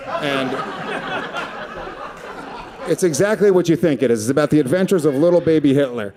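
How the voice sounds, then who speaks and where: Man, stand-up comedian, brash, profane, deadpan, slightly high voice, live club crowd laughing. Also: moderate pace. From Puerto Rico. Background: audience laughter.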